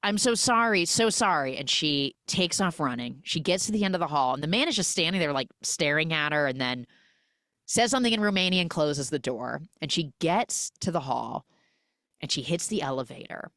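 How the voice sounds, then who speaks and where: A woman hosting a podcast, retelling a film's plot in a lively, animated way. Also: low voice, moderate pace, no room sound, studio quality. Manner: animated storytelling, acts out quoted lines. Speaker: podcast host. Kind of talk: casual movie recap.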